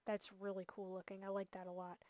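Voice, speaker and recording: Though tired and yawning, a woman hosting a multiplayer game series gushes enthusiastically in her casual gameplay tour, using lots of fillers. Her medium-pitched, warm voice stays monotone at a quick pace, with a little hiss or hum in the audio.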